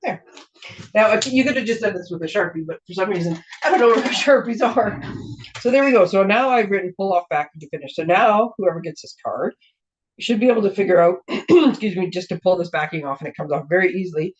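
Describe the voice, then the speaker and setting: Craft host, woman, slightly hoarse and throat-clearing, chatty and rambling, dull lo-fi sound. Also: mid-range voice, lively intonation, a little fast, a little hiss or hum. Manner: chatty, rambling, self-interrupting. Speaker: craft demonstrator and show host. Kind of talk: casual card-making demo. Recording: dull lo-fi recording.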